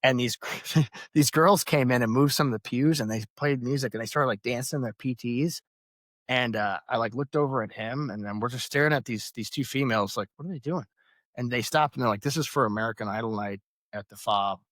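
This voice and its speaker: A man who is an Army veteran and a podcast guest, telling lively anecdotes with frequent laughter and acted-out quotes in casual conversation. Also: mid-range voice, brisk, no room sound, studio quality. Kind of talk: casual storytelling.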